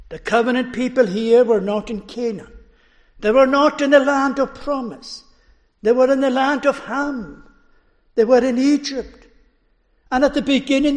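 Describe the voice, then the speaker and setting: A man preaching a sermon in a measured way, letting his voice fall at the end of phrases. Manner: slow, measured delivery, dropping low at phrase ends.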